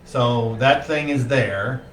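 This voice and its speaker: A man's voice: mid-range voice, slow pace, a little hiss or hum. A man running a tabletop game as game master, talking casually with swearing and frequent fillers. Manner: casual, profane, rambling with fillers. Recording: roomy distant mic, faint ambience.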